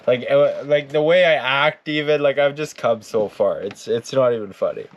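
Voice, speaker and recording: Bush guy, mid-pitched, easygoing rambling reaction voice, salty language. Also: normal speed, lo-fi sound. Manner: laid-back, rambling, swears often. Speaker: outdoors YouTuber. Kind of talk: casual reaction commentary.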